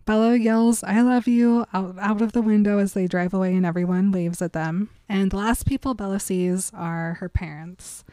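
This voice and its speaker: Brief: woman podcast co-host, giggly casual storyteller, mid pitch, dry mic. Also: fairly even intonation, normal speed, hardly any pauses, dark tone, no room sound. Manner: chatty, giggly storytelling with lots of "like". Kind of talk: casual book recap chat.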